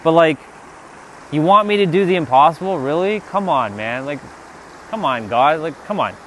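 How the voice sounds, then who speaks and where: A man in a casual spiritual monologue, animated and swearing, talking back to God in mock dialogue. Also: fairly high pitch, moderate pace, slight background noise. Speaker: spiritual vlogger.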